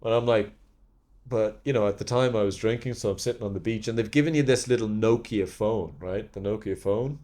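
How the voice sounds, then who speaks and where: A man's voice: lowish voice, fairly quick. A man, an actor guest on a podcast, telling anecdotes from his career in casual chat and acting out the people he quotes. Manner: animated storyteller who acts out quoted people.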